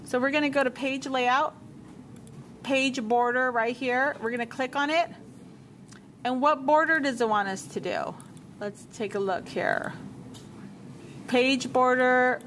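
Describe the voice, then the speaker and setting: Lady teacher clicking thru a computer lesson, higher voice, bit of hiss behind her. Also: steady tone, unhurried, long pauses, a bit bright. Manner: talks herself through steps, repeats menu names. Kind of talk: software tutorial walkthrough.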